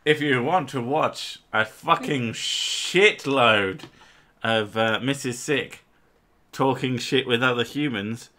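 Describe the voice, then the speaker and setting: A Scottish man in his thirties banters through a casual stream, cursing and joking as he goes. His voice is bright and forward, and he talks at an unhurried pace. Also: medium pitch. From Scotland. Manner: sweary, jokey banter.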